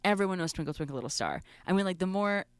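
A woman's voice: on the low side, animated, very fast, smooth, no room sound. Playful young woman co-hosting. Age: young adult. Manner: playful, teasing. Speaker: student podcast co-host. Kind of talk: casual chat.

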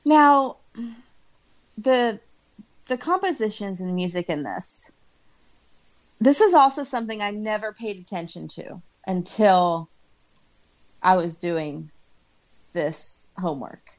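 A middle-aged woman talking casually on a podcast at a medium pitch. She is lively and laughs often, and she acts out her own reactions as she talks. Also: takes it slowly, long pauses. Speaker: podcast co-host. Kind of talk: casual chat.

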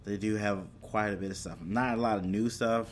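Rambling casual man, faint rumble. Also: fairly even intonation, moderate pace. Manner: rambling, self-correcting, laughs at own slips. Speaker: anime and streaming vlogger. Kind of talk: casual chat.

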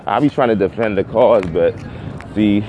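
Joking New comedian with lively pitch. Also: male voice, slow. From Brooklyn, New York. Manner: joking, laughs often, loud teasing. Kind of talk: casual street banter. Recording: noisy street recording.

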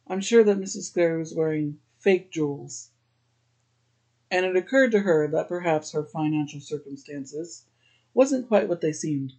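A man's voice: a little high, warm tone. A man hosting a podcast, casually retelling a TV episode and reading out bits of its dialogue as he goes. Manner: loose retelling, reads out quoted dialogue. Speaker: podcast host.

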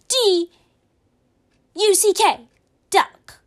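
A woman voicing a cheeky big sister pretending to be her little brother, talking quickly and stammering out excuses. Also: sits high, lively intonation. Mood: eager.

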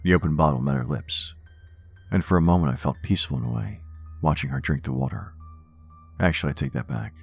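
Very deep, gravelly male horror narrator. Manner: measured, wry, reflective. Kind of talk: first-person horror story narration. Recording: faint music bed under narration.

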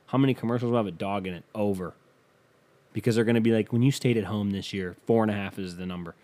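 A man's voice: on the low side, quick pace, a little mellow. A man hosting a casual solo podcast, offhand and profane as he reads betting odds aloud. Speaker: podcast host.

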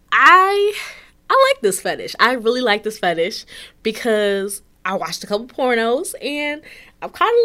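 A young woman hosting a podcast, telling a story in a loose, profane, animated way with frequent laughter. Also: medium pitch. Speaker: podcast host. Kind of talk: casual podcast monologue.

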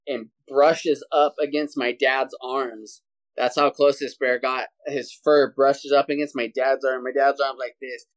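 A man tells a story as a podcast guest, animated and energetic, throwing in "dude" often. His voice sits at an ordinary middle pitch, and it comes through a video call. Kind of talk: casual storytelling interview.

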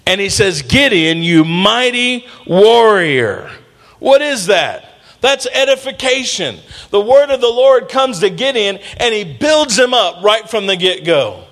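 A man preaching to a church congregation, his voice sitting fairly high for a man. He swings between soft, close passages and loud, emphatic calls for the people to answer back. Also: big pitch swings, unhurried. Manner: emphatic, call-and-response. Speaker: pastor. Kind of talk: sermon.

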